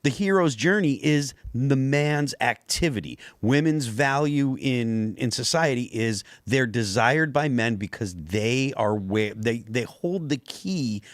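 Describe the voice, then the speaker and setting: A man's voice: medium pitch, expressive, a little slow, few pauses, no echo, studio quality. A man on a panel show explaining his view in an earnest way. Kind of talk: casual panel chat.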